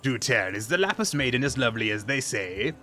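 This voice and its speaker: A man voicing a gruff older merchant in a rough mock pirate accent, growling his lines. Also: mid-range voice, expressive, fairly quick, sharp tone, faint music behind. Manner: growling, stumbles over names. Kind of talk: reading game dialogue aloud in voices.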